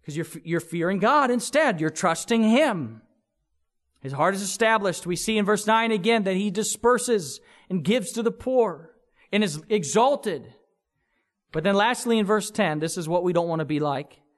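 High-voiced man preaching earnestly. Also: normal speed. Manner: earnest, expressive preaching with vivid sound words. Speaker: pastor. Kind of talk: sermon.

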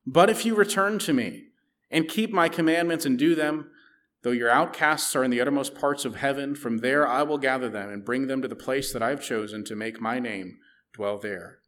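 Guy reading scripture then explaining it, mid-pitched voice, chatty. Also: normal speed, a bit bright. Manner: reads scripture aloud, then explains it conversationally. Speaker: Bible teacher. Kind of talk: Bible teaching with scripture reading.

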